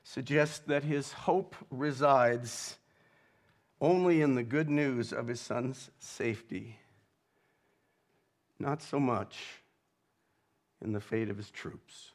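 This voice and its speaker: A male pastor delivering a sermon in a measured, reflective way, reading quotations with feeling. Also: medium pitch. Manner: slow, measured preaching with dramatic readings of quotes.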